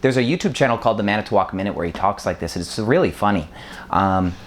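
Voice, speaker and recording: A man's voice: lowish voice, lively intonation, quick pace. A man from Wisconsin in his thirties, vlogging casually with lots of ums, speaking with a mostly neutral American accent that has a faint Wisconsin trace. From Wisconsin, USA. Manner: rambling, many ums, loose and chatty. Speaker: vlogger, short-term rental host. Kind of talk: casual vlog talk to camera. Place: indoors, apartment full of boxes.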